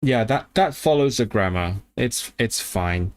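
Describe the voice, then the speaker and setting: A man chatting casually on a livestream about learning languages, thinking aloud with lots of restarts and quick bursts of excitement. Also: medium pitch, no room sound.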